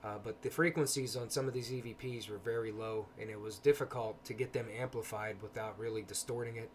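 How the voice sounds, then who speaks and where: A man hosting a casual livestream, talking softly and hesitantly with frequent pauses and fillers, greeting chat viewers between stretches of explanation. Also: fairly low pitch, fairly even intonation, slight background noise. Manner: soft-spoken, hesitant with many ums. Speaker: paranormal livestream host.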